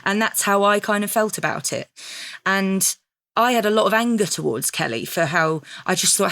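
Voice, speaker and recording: A woman's voice: medium pitch, moderate pace, a bit bright, dry recording. A woman in her thirties, talking frankly and reflectively about her teenage years and acting out her own past thoughts. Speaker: podcast guest. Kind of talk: candid conversational storytelling.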